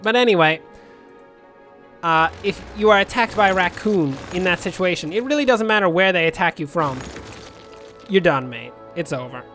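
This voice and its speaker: A man giving rambling, jokey commentary over a city-building game, with sudden shouted outbursts. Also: high voice, animated, normal speed, faint music behind. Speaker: let's play host.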